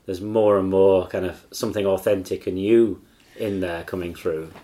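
Meandering male interviewer, lowish voice. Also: fairly even intonation, normal speed, mellow. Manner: meandering questions full of "kind of". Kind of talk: interview conversation.

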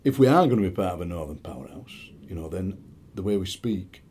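Husky, mellow-voiced Barnsley man. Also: low-pitched, a little fast. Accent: Barnsley, South Yorkshire. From South Yorkshire, England. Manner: animated storyteller, slips into quoted voices. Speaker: poet, interview guest. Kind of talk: conversational interview with poetry reading.

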